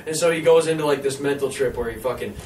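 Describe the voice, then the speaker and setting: A man co-hosting a casual podcast, talking in a profane, animated way. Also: mid-range voice, fast talker. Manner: profane, animated retelling with acted quotes. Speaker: podcast co-host. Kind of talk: casual chat. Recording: echoey room, far from mic, faint noise.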